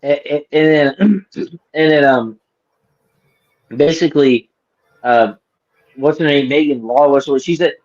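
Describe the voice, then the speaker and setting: A man joining a livestream chat, rambling and halting with lots of fillers. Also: on the high side, darkish tone, highs cut off. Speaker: co-host guest. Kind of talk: casual chat.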